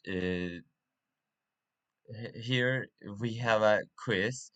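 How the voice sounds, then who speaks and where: Slow, halting man teaching word stress. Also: mid-range voice, sharp tone. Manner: halting, with many uhs and restarts. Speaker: English teacher. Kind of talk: reading a pronunciation lesson.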